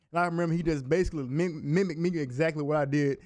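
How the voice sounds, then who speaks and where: A man's voice: on the high side, darkish tone, no echo. A man, a former college linebacker, telling stories as a guest on a sports talk show in the studio. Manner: fast storytelling, laughs while telling stories. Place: radio studio.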